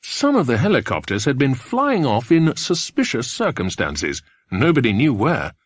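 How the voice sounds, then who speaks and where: A jovial, confident grown man from a children's adventure, read by a man, telling his tale briskly with lively ups and downs. Close and dry. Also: medium pitch, dry recording. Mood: cheerful. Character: cheerful, confident adult man, kindly friend. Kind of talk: audiobook character voice.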